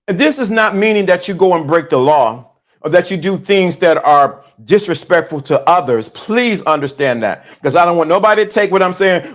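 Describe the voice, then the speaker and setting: High-voiced man preaching to his chat. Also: moderate pace. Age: 50s. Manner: preachy, repeats lines for emphasis. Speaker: host. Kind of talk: motivational talk to a live chat.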